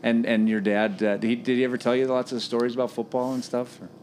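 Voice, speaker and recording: A man's voice: mid-range voice, level tone, darkish tone, slight background noise. A man hosting a podcast, chatting casually with a guest, often stumbling over restarts. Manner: halting, stumbling restarts, laughs easily. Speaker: podcast host interviewing a guest. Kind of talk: casual interview chat.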